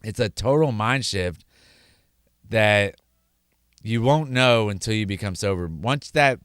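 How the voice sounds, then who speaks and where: Earnest low-voiced man giving testimony. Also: animated, unhurried, a bit bright, clear, resonant tone, no room sound, studio quality. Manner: earnest, repeats words for emphasis. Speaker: speaker sharing his sobriety story. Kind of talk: personal testimony.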